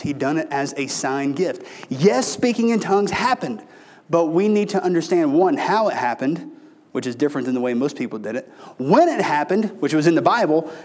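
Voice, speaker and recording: Guy preaching, kinda high voice, folksy storyteller pastor. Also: darkish tone. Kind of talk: sermon.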